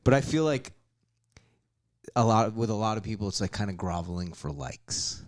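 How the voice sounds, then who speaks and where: A man's voice: fairly low pitch, expressive, moderate pace. A man co-hosting a podcast as a guest, rambling and reflective, with many fillers. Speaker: guest co-host, director. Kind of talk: casual chat.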